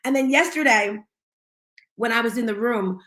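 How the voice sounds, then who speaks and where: A woman with a fairly high voice hosts a live audio room, speaking in an earnest, story-driven motivational style. Her voice carries a roomy echo around it. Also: normal speed, a bit bright. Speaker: host of an audio chat room. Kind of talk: casual motivational talk.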